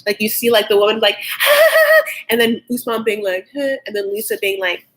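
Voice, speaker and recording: A woman's voice: mid-range voice, little pitch movement, fast, fairly bright tone. A woman hosting a live show recap, chatty and gossipy with plenty of filler words and sarcastic asides. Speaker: host.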